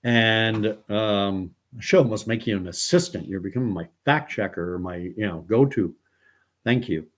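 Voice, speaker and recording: A man's voice: on the low side, normal speed. A man in his fifties, from Canada, hosting a casual live stream of news commentary, rambling with many fillers and chuckles. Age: 50s.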